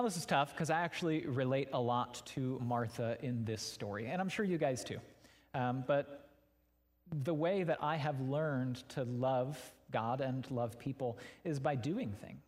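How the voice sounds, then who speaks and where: A man preaching a sermon at a mid-range pitch, his voice trailing into the long reverb of a large hall. He talks in a frank, conversational way, as if chatting with the congregation rather than lecturing. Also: a little mellow. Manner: conversational, candid, addresses listeners directly. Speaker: pastor.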